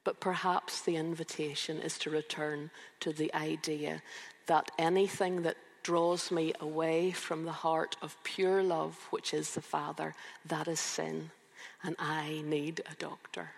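A woman in her fifties preaching a sermon, reflective and emphatic, with slow rhetorical questions. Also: low-pitched, flat delivery, gravelly, big-room sound. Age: 50s. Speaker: preacher and youth counsellor.

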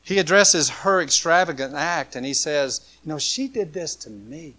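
Bright-voiced male preacher. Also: on the high side, lively intonation, moderate pace. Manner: impassioned preaching, swinging between loud and hushed. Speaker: pastor. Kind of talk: sermon.

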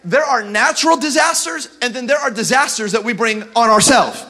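A male pastor preaching a sermon to a church service, building to shouts and urging the congregation. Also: very high voice, lively intonation, a little fast. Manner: preaching with rising shouts and call-and-response urging.

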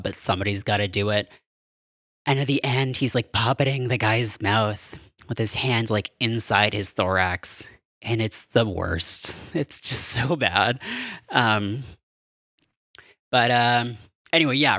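Rambling, low-voiced man recapping a film. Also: fairly bright tone, dry recording, studio quality. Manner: rambling, filler-heavy, amused and wry. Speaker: podcast host recapping a film. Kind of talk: casual chat.

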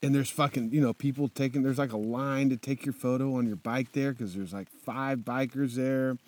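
A man's voice: mid-range voice, fairly even intonation, moderate pace, a little mellow. A young man casually telling a motorcycle trip story, laid-back and swearing constantly, with lots of fillers.

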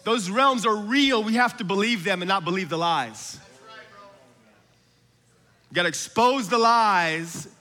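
A man preaching a sermon, moving from hushed, whispered asides to loud, shouted exhortation, with casual slang and laughter. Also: sits high, expressive, unhurried, pauses often. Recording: long hall reverb from a large room.

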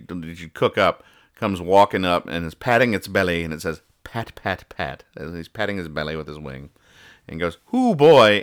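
Male podcast host, rambling jokey delivery; deep and bright, dry close mic. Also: no echo. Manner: rambling, jokey, stumbles and restarts. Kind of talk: casual comic-reading chat.

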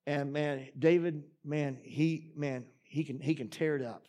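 A man's voice: a little high, steady tone, a little slow, mellow. A middle-aged man, preaching a sermon in a folksy, storytelling way and reading scripture with rising emphasis. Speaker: pastor.

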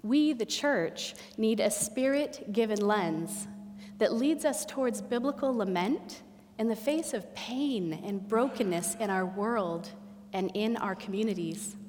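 A woman preaching a sermon in a church. She speaks in slow, deliberate phrases with emphatic pauses. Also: mid-range voice, expressive, a little mellow, long reverb tail, a little hiss or hum. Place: church sanctuary. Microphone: pulpit microphone with feedback.

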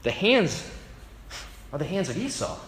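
A man's voice: fairly high pitch, wildly swooping pitch, unhurried, fairly bright tone, slight background noise, heavily acted. Man voicing a confused old father. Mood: puzzled. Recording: echoey hall reverb.

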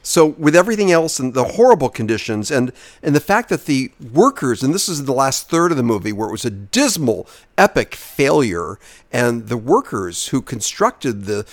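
A man's voice: mid-range voice, normal speed, no room sound. Man, podcast co-host, casual film chat, emphatic repeats, dry close sound. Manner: animated, repeats himself for emphasis. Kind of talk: casual movie-review chat.

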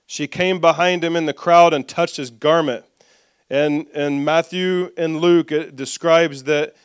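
Smooth high-voiced male preacher. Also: no room sound, clean studio sound. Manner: call-and-response preaching, reads scripture aloud; lively, drops soft for asides. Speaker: pastor. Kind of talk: sermon.

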